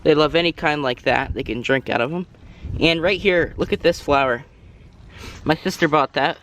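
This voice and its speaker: Gardening vlogger, man, slightly high voice, breathless, rambling outdoor camera talk. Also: moderate pace, a bit bright, a little hiss or hum. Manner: rambling, self-correcting, apologetic asides. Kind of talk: casual garden tour. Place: outdoors in a garden, cars passing.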